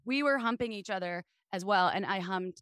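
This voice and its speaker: A woman guest on a podcast, telling candid stories in a raspy voice, open and animated in a casual chat. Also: medium pitch, moderate pace, dry recording, clean studio sound.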